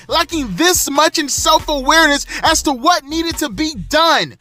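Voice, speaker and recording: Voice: high-pitched, animated, a little slow, hardly any pauses, sharp tone, soft background music. A wrestling vlogger in an angry, profane, exasperated rant, delivering heated commentary. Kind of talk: ranting commentary.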